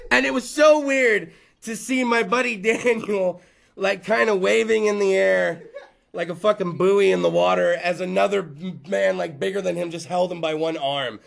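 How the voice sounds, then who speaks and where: A man, hosting a live comedy show in front of a bar crowd, loud, rambling and crude as he riffs with the audience. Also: high voice, moderate pace, vocal fry. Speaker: host.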